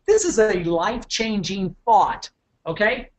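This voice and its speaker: A middle-aged keynote speaker with a high voice delivers a motivational business talk to an audience at a measured pace. He's animated, often repeats words, and keeps checking in with the room.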